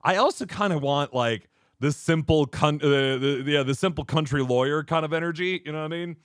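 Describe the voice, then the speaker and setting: A man's voice: fairly high pitch, fairly quick, clear, resonant tone, dry recording, studio quality. A man streaming a game, chatting and laughing as he comments. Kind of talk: let's-play commentary.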